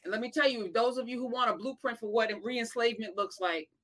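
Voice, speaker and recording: A woman's voice: on the high side, fast talker, fairly bright tone. A woman, co-hosting and teaching, chatting casually and laughing along. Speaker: co-host and teacher. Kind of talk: casual discussion.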